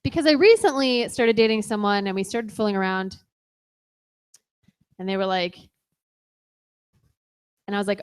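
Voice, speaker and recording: A woman's voice: medium pitch, normal speed, long pauses, smooth. A young woman doing a bawdy stand-up comedy set on a bar stage, telling a story with laughs. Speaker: stand-up comic.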